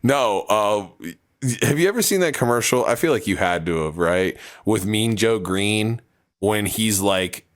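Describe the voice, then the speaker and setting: A man's voice: on the low side, expressive, measured pace. A young man co-hosting a podcast in casual, joking chat. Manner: joking, slips into playful put-on voices. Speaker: podcast co-host.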